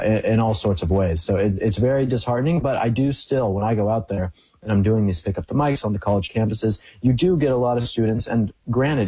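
A young man speaking quickly as a guest in a casual interview. His voice is low, dark and husky, and he slips into lively quoted voices when telling stories. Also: low-quality recording. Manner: storytelling, animated when quoting others.

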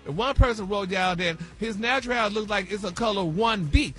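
A man's voice: high voice, a little fast, a bit bright, soft background music. A man co-hosting a radio gossip segment, flamboyant and sassy, calling listeners honey and y'all. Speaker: radio show co-host doing gossip. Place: radio studio.

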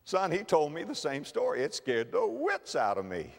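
A man doing a hushed, tender father. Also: a little high, huge pitch swings, normal speed, long reverb tail, exaggerated voice. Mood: tender confiding. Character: gentle scoffing father speaking softly to his son.

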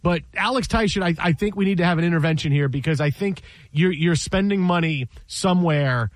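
High-voiced excitable male radio host. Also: a little fast, dry recording. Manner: excitable, teasing, restarts a lot. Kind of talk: casual sports radio chat.

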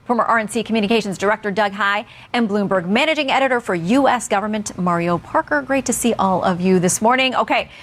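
A woman hosting a political news panel, brisk and steering the talk. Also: medium pitch, fairly bright tone. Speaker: news show host.

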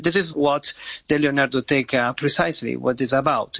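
Gravelly Italian man on a dull line. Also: medium pitch, a bit bright, no room sound. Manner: earnest, explanatory, some slips in English. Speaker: museum director, interview guest. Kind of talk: remote interview.

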